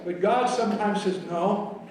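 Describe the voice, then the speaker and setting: A man preaching a sermon as pastor, telling a Bible story with animated, often shouted quotes. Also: high-pitched, moderate pace, background noise. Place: church sanctuary. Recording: very echoey hall, mic from far off.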